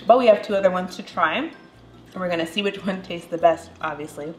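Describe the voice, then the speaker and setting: A young woman hosting a casual cooking vlog, chatting warmly as she cooks and tastes food with bubbly enthusiasm. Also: on the low side, fairly quick, faint music behind. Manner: bubbly, enthusiastic, tasting aloud. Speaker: cooking vlogger.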